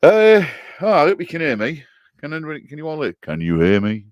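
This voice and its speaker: A man's voice: fairly high pitch, huge pitch swings, fairly quick, dry recording, lo-fi sound. A man, a bit tipsy, chatting casually on a live stream from his shed and greeting viewers by name. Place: garden shed.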